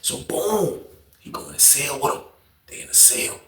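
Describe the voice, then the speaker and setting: A man telling a story in an animated, slang-heavy, repetitive way. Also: on the high side, moderate pace, reverberant. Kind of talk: casual storytime.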